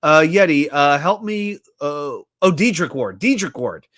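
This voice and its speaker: A man's voice: fairly high pitch, a little slow. A man hosting a casual sports talk livestream, running trivia and reading viewer comments aloud with a joking manner. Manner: animated, reads viewer chat aloud and jokes. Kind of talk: casual live-stream chat running trivia.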